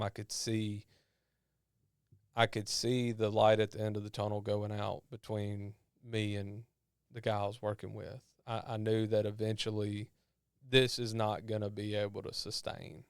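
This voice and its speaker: A man's voice: lowish voice, smooth, no room sound, studio quality. A man tells a personal story as a podcast guest, often stumbling and repeating words as he goes. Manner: halting, repeats words when emotional.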